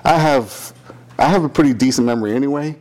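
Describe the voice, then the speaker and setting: In casual conversation, a man with a medium-pitched voice tells a story from work at a fast clip. He swears often and is animated, acting out the quoted lines in raised voices.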